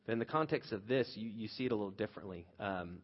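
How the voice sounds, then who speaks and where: Fast and animated, with a lowish voice, a man in his thirties pastors through a conversational sermon built around a story about his family. He keeps restarting phrases and rises loud whenever he quotes himself. A long hall reverb hangs over the dull, lo-fi recording.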